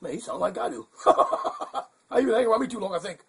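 A man's voice: high voice, fairly quick, vocal fry, a bit bright, husky, full character voice. A man voicing a goofy, confused male bird puppet who rambles in a muddled, chuckling way on a puppet comedy show. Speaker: hand puppet co-host.

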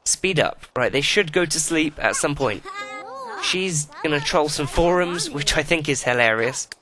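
Swearing, lively-voiced man narrating gameplay. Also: on the high side, unhurried. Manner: profane, exasperated running chatter at the game. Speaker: let's play host. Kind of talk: video game commentary.

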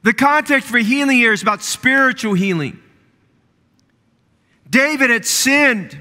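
A man delivers a sermon with a very high, bright, forceful voice. He drives his points home by repeating phrases with rising fervor. His words ring out with long reverb in a church hall. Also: animated, a little slow. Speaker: pastor. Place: church sanctuary.

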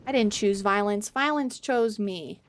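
A woman's voice: mid-range voice, a little slow. A woman streaming a game live, reacting playfully, swearing and laughing as she talks to her chat. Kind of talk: live gameplay commentary.

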